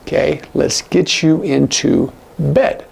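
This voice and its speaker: Gravelly, animated sign language teacher man. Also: slow pace. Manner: animated, acts out example lines with big pitch jumps. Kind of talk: casual instructional talk.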